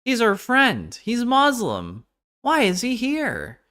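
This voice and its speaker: A man puts on an indignant, incredulous woman, pitched high and drawn out. The half Arabic, half Irish accent is clumsy and drifts toward Scottish. The mockery is broad and exaggerated. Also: huge pitch swings, slow, pushed and bright, exaggerated voice. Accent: attempted half Arabic, half Irish accent. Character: mocking impression of an indignant woman.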